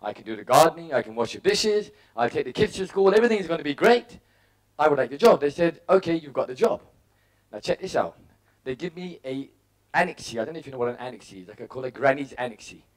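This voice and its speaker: The speaker is a middle-aged motivational speaker from England whose higher-pitched voice is expressive and fast. Through personal stories, he acts out his own thoughts in short, punchy bursts.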